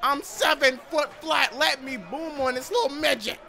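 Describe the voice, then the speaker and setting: Casting: high-voiced young gamer, gravelly, hyped trash-talk commentary. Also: male voice, normal speed, pushed and bright. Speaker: gaming YouTuber. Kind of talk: gameplay commentary. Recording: game music behind.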